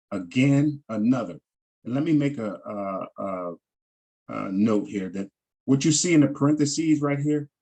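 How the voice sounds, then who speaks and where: A man teaching a language class, slowly repeating each word and its pronunciation and checking in with "all right" as he goes. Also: mid-range voice, a little mellow, breathy edge. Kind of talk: slow vocabulary lesson over shared screen.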